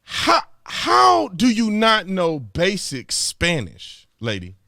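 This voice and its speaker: A man's voice: high-pitched, slow, vocal fry, no echo, studio quality. A man from Texas, hosting an exasperated political commentary rant and repeating his points. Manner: animated, exasperated, repeats himself. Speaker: commentary host.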